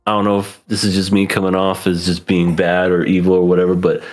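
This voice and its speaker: A man's voice: sits low, completely flat delivery, fast talker, a little mellow, soft background music. A man co-hosting an anime podcast, chatting casually, laughing often and acting out characters' lines. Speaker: podcast co-host. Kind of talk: casual anime review chat.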